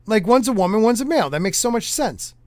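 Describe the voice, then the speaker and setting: A man's voice: high voice, lively intonation, fast, a little mellow, no echo. A man hosting a podcast, joking casually and stumbling over words as he reads old newspapers aloud. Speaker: podcast host.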